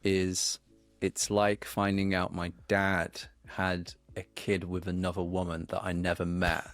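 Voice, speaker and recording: A man's voice: low-pitched, monotone, a little slow, no echo. A man from the United Kingdom, a podcast guest, explaining his views through playful metaphors and stories. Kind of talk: conversational podcast interview.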